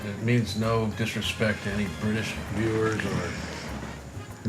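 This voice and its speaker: A man's voice: fairly low pitch, little pitch movement, slow pace, over music, low-quality recording. A man co-hosting a cigar review show, talking in a casual, playful and teasing way. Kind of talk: casual chat.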